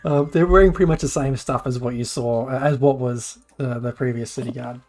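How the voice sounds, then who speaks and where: A man's voice: mid-range voice, fairly even intonation, brisk, a little mellow, a little hiss or hum. A man with an Australian accent, narrating as game master in a laid-back way.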